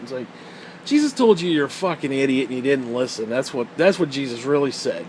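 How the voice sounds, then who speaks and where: A man's voice: mid-range voice, animated, brisk, a little hiss or hum. A young man telling stories in a casual, rambling rant, swearing a lot, mocking and laughing as he goes. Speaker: storyteller. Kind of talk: casual ranting storytelling.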